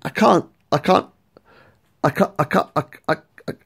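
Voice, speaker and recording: A stammering, weakened villainess put on by a man in a told-aloud story. Her voice is pitched up and gravelly, faltering over repeated words. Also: normal speed, a bit bright, heavily acted. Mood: panicked.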